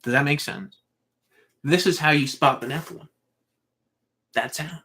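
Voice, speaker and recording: A man's voice: fairly high pitch, measured pace, bright, forceful tone. A man telling a long personal story in a loose, meandering way, full of "like" and "uh". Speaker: speaker sharing a spiritual vision.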